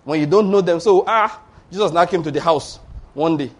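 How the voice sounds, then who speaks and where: A man preaching a sermon, animated and acting out the voices of people in his stories. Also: on the high side, fairly quick. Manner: animated, acts out voices of Satan and church members.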